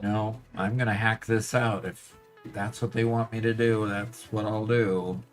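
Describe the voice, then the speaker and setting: A man's voice: on the low side, fairly even intonation, a little slow, soft background music. A man streaming a video game live, chatting playfully with friends. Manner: playful, joking. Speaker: gaming streamer. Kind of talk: casual live-stream chat.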